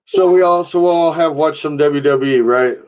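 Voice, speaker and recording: A man hosting a casual talk show, chatting loosely with slang and a relaxed, rambling manner. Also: fairly high pitch, normal speed, clean tone. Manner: laid-back, rambling with slang. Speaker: podcast host. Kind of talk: casual chat. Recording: dull lo-fi sound.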